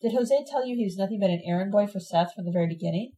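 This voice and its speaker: A woman's voice: medium pitch, very fast, dark tone, close to an everyday voice, low-quality recording. Woman reading as Sabina, a furious, bitter radical. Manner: accusing, sarcastic.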